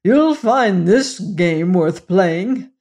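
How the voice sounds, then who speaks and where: Reader doing aristocratic Cossack general, audiobook; suave, menacing, very slow and drawn out. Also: medium pitch, animated, a little mellow. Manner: courtly, unhurried, drawn-out phrasing. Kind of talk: audiobook character reading.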